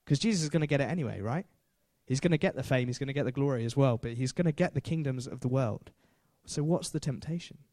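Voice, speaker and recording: A man's voice: medium pitch, fast, few pauses, dark tone, dry recording, studio quality. A man preaching a sermon in a chatty way, with self-deprecating jokes and frequent fillers.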